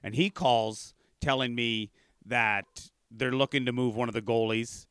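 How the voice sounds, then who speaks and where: A middle-aged man from Canada in a casual chat, telling old hockey stories in an animated way and acting out what others said. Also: medium pitch, unhurried, clean tone, no echo, studio quality. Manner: animated storyteller, acts out quotes loudly.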